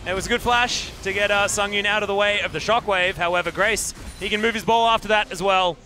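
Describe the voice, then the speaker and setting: High-voiced bantering esports commentator. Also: male voice, fairly even intonation, fast, bright, forceful tone, a little hiss or hum. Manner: laughs often, bantering. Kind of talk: play-by-play commentary.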